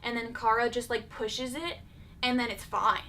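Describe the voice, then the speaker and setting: Woman vlogger, casual movie review, chatty, a bit high-pitched, faint background noise. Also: fairly even intonation, normal speed, pushed and bright. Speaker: YouTuber ranking movies.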